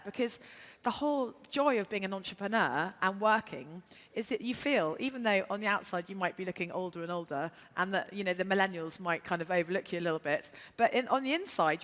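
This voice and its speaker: A woman's voice: medium pitch, a bit bright. A woman entrepreneur speaking on a conference panel, enthusiastic and rambling with fillers. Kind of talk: conversational panel talk. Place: conference hall stage. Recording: hall reverb.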